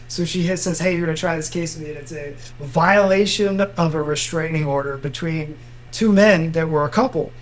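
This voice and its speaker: A man's voice: a little high, low-quality recording. A man with a Miami accent, a lawyer and podcast co-host, telling courtroom stories in a casual chat. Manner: animated storyteller, acts out quotes.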